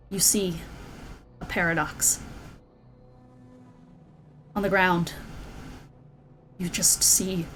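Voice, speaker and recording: A woman serves as dungeon master, narrating scenes at a very unhurried pace. Her voice sits a little low and carries a grim intensity. Soft music plays faintly behind her. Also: low-quality recording. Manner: slow, intense descriptive narration. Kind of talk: narrating a tabletop game.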